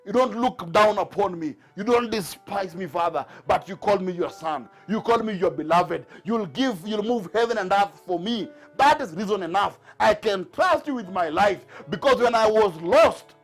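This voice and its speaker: Man preaching, high voice, husky tone, repetitive rhetorical questions, faint music behind. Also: lively intonation, normal speed, hardly any pauses. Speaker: Bible class teacher. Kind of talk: sermon.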